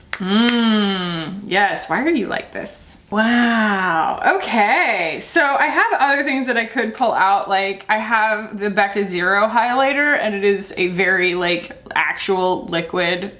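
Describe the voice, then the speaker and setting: A woman's voice: medium pitch, a bit bright. A woman vlogger talking casually through a makeup tutorial, chatty and loose, often laughing. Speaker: beauty vlogger.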